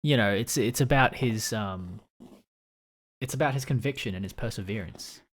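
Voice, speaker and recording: A man's voice: on the low side, moderate pace. A man co-hosting a podcast, searching for words in a casual, hesitant chat. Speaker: podcast co-host.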